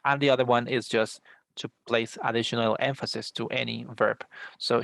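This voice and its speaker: A man's voice: medium pitch, little pitch movement, normal speed, vocal fry, fairly bright tone, no room sound. A man giving an English class over a video call, explaining patiently with many fillers and restarts. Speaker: English teacher. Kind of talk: online class instructions.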